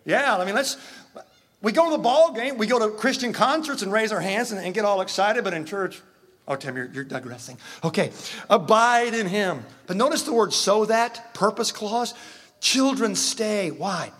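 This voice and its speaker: A man preaching to his congregation in a high, lively voice. He drives his points home with emphatic repetition, surging up when he gets excited and dropping low for quiet asides. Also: normal speed. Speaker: pastor. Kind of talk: sermon.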